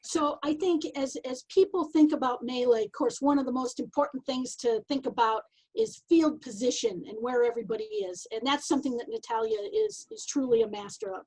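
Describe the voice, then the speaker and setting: A woman co-hosting a casual chat, telling a story in a measured way with playful acted-out asides. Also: high-pitched, lively intonation, darkish tone, slightly rough, poor audio. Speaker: podcast co-host.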